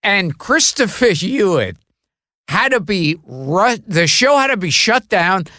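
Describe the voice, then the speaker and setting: A man chatting as a podcast guest, his speech slow and drawn out with a bright, pointed tone that swoops up and down a lot. He tells crude stories deadpan, and the studio mic sounds close and dry. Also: sits high, no echo. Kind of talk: casual podcast chat.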